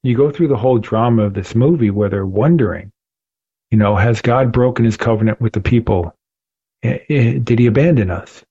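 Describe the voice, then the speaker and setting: A man's voice: mid-range voice, fairly quick, mellow, husky. A man speaks with earnest, preacherly conviction, building emphasis by repeating his phrases. His voice sits in a middle register. The recording is dull and lo-fi. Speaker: podcast host. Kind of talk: faith podcast conversation.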